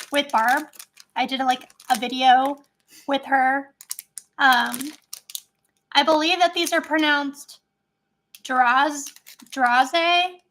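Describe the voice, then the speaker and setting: A chatty woman with a high, light voice, talking fast and loosely on a home live stream. She rambles and giggles between thoughts, casual and unscripted. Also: a bit bright. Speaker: vlogger.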